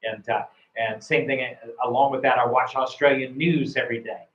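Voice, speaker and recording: This man has a mid-range, fairly bright voice, steady in tone and moderate in pace. As an IELTS speaking examiner and coach, he praises a student's answers after the test, frequently repeating words and beginning sentences over; the recording is roomy, dull and lo-fi.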